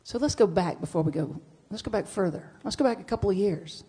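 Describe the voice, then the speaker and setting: A woman minister giving a storytelling sermon, acting out dialogue with big jumps in pitch and loudness. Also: fast, husky. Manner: animated, acts out dialogue with big swings in pitch and volume. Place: church sanctuary.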